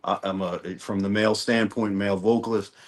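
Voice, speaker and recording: A man's voice: on the low side, a little fast. A man from New Orleans, a songwriter guest in a casual interview, telling stories with frequent restarts and repeated words. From New Orleans, Louisiana. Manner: relaxed storytelling with many restarts and repeated words.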